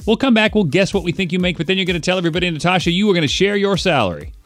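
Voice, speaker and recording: A man hosting a radio morning show, talking fast and joking with callers and co-hosts. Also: high-pitched, expressive, fairly bright tone, faint music behind. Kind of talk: upbeat radio banter. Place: radio studio. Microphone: studio microphone.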